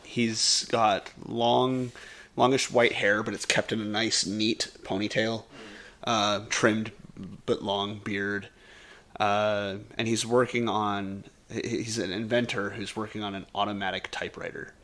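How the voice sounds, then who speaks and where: A man playing a character in a tabletop game, polite and measured. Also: fairly low pitch, little pitch movement. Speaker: player. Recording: loud guitar music behind.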